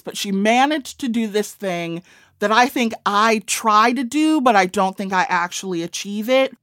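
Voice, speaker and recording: Speaking in a mid-range voice, a Midwestern American woman in her forties, an author and comedian, keeps things wry and self-deprecating during a casual interview chat. The audio is studio quality with no echo.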